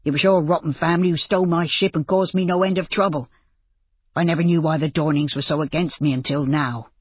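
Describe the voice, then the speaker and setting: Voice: mid-range voice, steady tone, a little fast, husky, no echo, natural voice. A narrator voicing an angry arrogant landowner. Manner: snapping, angry, through clenched teeth. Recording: dull lo-fi dry.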